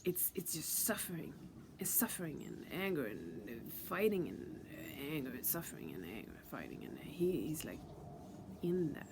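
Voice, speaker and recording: A woman vlogger with a deep, sing-song voice tells a personal spiritual story at normal speed over a noisy background. She's intense and profane, often dropping to a whisper, restarting, and repeating words.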